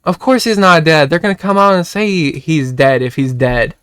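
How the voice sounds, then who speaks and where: Young male streamer, slightly high, smooth voice, excitable rant, dry close mic. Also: moderate pace, no room sound. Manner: excitable, repetitive, swears and shouts when worked up. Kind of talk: casual political rant to chat.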